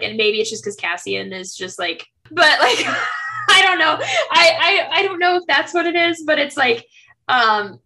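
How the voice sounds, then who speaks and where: Lively chatty young woman. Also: a little high, vocal fry. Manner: rambling, many likes and restarts, animated. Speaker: podcast co-host. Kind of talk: casual book chat.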